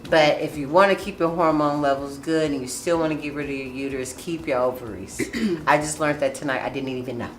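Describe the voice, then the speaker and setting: A woman hosts a casual talk show, her voice sitting a little low and laughter bursting through often. She talks loosely and frankly. The sound is echoey, with faint noise behind her. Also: steady tone, brisk, hardly any pauses. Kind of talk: casual chat.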